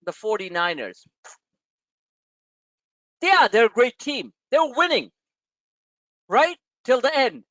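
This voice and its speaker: A man's voice: extremely high pitch, sing-song, slow pace, pauses often, a bit bright, no room sound. Blunt, ranting New man. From New York. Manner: frustrated, blunt, profane, lecturing. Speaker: trading webinar host. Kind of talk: live webinar rant. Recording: dull dry lo-fi webinar audio.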